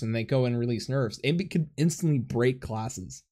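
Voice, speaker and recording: A man co-hosting a casual gaming chat, talking at an ordinary pitch. He rambles through his points with plenty of fillers and asides. His voice comes through a headset over voice chat. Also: quick pace, few pauses, dark tone. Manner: rambling, filler-heavy, laughs often. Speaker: podcast co-host.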